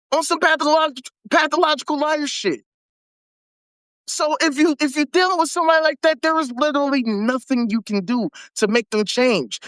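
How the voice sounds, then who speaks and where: A woman's voice: high-pitched, fairly bright tone, no echo. A woman hosting a livestream, ranting bluntly and heatedly with a lot of swearing. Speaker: livestream host. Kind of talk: profane casual livestream rant.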